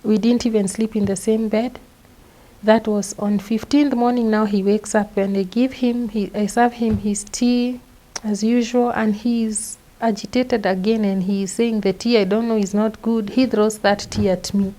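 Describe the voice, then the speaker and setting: A young adult woman with a Kenyan accent, a guest recounting her own story in halting, step-by-step speech with frequent repeated words. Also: medium pitch, steady tone, warm tone, rough recording. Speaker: interview guest. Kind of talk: personal testimony.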